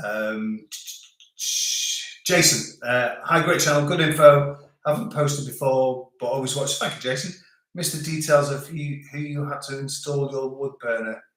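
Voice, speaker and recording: A man's voice: medium pitch, fairly bright tone. A middle-aged man from Britain hosting a casual live stream, reading viewer comments and rambling with frequent restarts. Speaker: channel host reading live chat. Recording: very echoey room.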